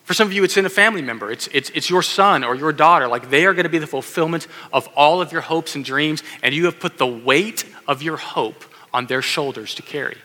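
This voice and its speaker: A man preaching a lively sermon, acting out the voices in his stories and calling on the kids in the room. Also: a little high, brisk, hardly any pauses. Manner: animated, acts out quoted voices, addresses kids in audience. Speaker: pastor. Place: church sanctuary. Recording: long hall reverb.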